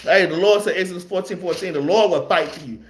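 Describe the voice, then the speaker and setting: A young man teaching scripture in a loose, slangy way, repeating words and reading verses slowly. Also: high-pitched, slight background noise. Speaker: street preacher teaching scripture. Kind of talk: informal Bible teaching.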